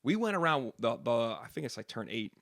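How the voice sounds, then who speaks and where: Guy on a podcast rattling off a story real fast, lots of "bro", dry close sound. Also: medium pitch, dry recording. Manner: fast, animated storytelling with slang. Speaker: podcast co-host and sports reporter. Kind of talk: casual chat, storytelling.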